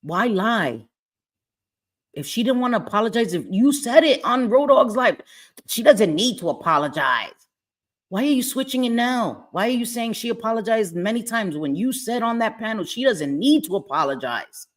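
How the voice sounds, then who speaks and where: A woman's voice: a little high, lively intonation, normal speed. A middle-aged woman hosting a casual live stream from home, talking bluntly with lots of swearing and frequent laughter. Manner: blunt, profane and laughing often. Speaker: livestream host.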